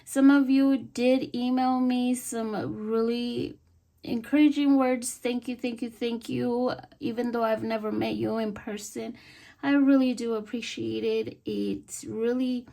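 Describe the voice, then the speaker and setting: A woman giving a casual tarot reading, soft-spoken and halting, with many fillers and repeated words. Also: fairly high pitch, steady tone, vocal fry. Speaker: tarot reader.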